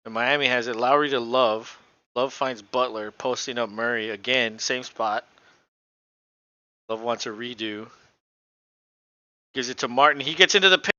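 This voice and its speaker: A man's voice: medium pitch, moderate pace, pauses often, pushed and bright, no echo. A male podcast co-host doing casual, offhand live play-by-play commentary and swearing now and then, recorded on a dull lo-fi home mic.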